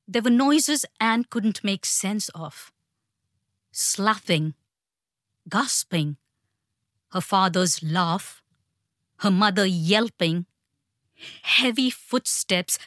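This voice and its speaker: Slow, hushed woman narrating a story. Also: medium pitch, no room sound, clean studio sound.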